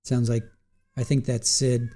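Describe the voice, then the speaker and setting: Male stream host, mellow, halting delivery with restarts, reading chat aloud. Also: medium pitch, little pitch movement. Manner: answers live chat questions. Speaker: live trial commentary host. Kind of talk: casual live-stream commentary.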